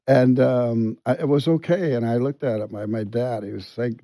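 Brief: middle-aged male guest, mellow and halting, dry studio sound. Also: mid-range voice, dry recording. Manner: halting, full of restarts and quiet asides. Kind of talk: conversational storytelling.

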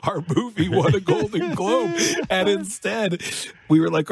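A man telling stories in a casual interview, laughing often and animated. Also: high voice, measured pace, gravelly, crowd noise. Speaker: show co-creator guest.

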